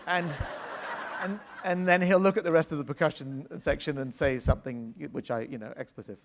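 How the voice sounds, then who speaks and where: A man's voice: fairly high pitch, fairly even intonation, a little fast, a little hiss or hum. A man, an orchestra conductor, telling anecdotes in a live onstage interview at a library salon, laughing often as he talks. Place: public library salon before an audience. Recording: long reverb of a hall.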